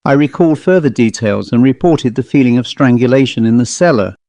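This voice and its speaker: A man reading his own first-person ghost story aloud in a measured, suspenseful way. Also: mid-range voice, expressive, mellow, no room sound. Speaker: author and reader. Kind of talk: first-person scripted narration.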